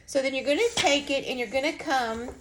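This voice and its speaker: A woman walks viewers through a craft demonstration in a casual, folksy way. Her voice sits a bit on the high side, and a faint hiss of noise runs underneath. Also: a little fast. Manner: folksy, chatty, addresses viewers as y'all. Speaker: craft instructor.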